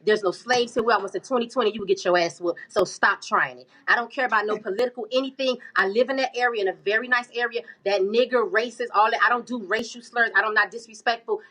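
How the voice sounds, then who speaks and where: A woman's voice: fairly high pitch, quick pace, few pauses, a bit bright, poor audio. A woman answering interview questions, telling her story in an emphatic, indignant way.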